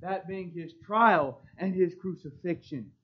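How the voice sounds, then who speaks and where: A male pastor with a high voice preaches, reading scripture in old wording and pressing hard on key words. The recording is dull and lo-fi. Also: measured pace, slightly rough. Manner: emphatic, reads old-style scripture with swelling stress.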